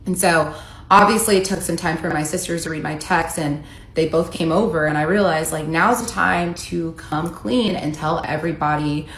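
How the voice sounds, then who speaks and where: A woman's voice: deep voice, moderate pace, fairly bright tone. A woman in her thirties from the United States earnestly recounting a personal story in a vlog. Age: 30s. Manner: earnest, emotional retelling, reading out texts. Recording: echoey room with faint ambient noise.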